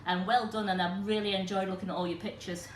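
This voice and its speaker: A woman's voice: medium pitch, level tone, quick pace. Chatty woman teaching a cooking demo. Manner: chatty, explains step by step to viewers. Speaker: cooking demonstrator and host. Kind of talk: live cooking demonstration. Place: kitchen. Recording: echoey kitchen with faint noise.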